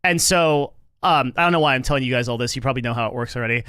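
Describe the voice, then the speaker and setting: A man's voice: mid-range voice, very fast, sharp tone, smooth, dry recording. Dry-miked man rambling on a livestream. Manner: rambling, loose, swears freely. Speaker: livestream host. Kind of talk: casual livestream commentary.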